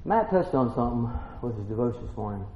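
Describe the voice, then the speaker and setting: A man preaching a folksy Bible-teaching sermon, swinging between quiet musing and excited exclaiming. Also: medium pitch, fast, slight background noise. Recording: echoey room, muffled lo-fi sound.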